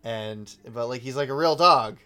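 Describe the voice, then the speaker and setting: A man co-hosting a relaxed podcast conversation. He talks chattily at a middle pitch and breaks into laughter often, with loose filler words throughout. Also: moderate pace. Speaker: podcast co-host. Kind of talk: casual chat about anime.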